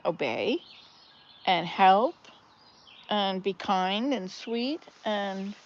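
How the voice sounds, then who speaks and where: An older woman, a grandmother, chatting casually and telling jokes on her vlog, laughing loudly at the punchlines. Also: mid-range voice, dull audio, a little hiss or hum. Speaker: vlogger. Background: birdsong.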